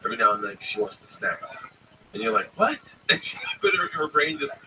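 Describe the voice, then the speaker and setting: Very bright-toned profane storyteller man. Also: a little high, a little fast, creaky. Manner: profane, animated storyteller who acts out quotes. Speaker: comedian. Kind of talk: casual storytelling chat. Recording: distant mic, faint background noise.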